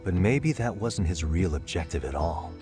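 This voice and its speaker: A man voicing a calm, persistent detective who presses a witness with steady questions. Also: sits low, moderate pace, music in the background. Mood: pressing. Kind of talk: game voice acting.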